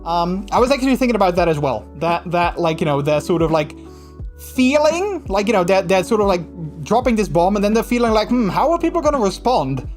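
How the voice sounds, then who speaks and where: A man's voice: sits high, expressive, fairly quick, darkish tone, soft background music. Rambling Dutch-accented male streamer. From Netherlands. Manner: rambling, full of fillers and restarts; slips into mocking put-on voices when quoting. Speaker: livestreamer. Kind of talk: casual livestream chat with viewers.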